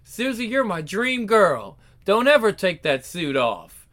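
Guy playing a smooth slangy young show-off. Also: high voice, big pitch swings, a little slow, fairly bright tone, full character voice. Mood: boastful. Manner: slangy, boastful. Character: smooth-talking young man with a big car.

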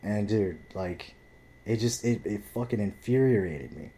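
He's a young man with a low, dark, mellow voice, ranting in a blunt, heated, heavily profane way as he tells a casual story. He grew up speaking Spanish. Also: measured pace.

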